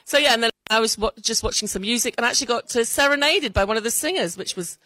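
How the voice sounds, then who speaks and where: A woman's voice: a little high, fast, pushed and bright, dry recording, rough recording. A middle-aged woman stand-up comedian chatting in an interview, laughing often. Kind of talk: casual interview. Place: outdoor festival.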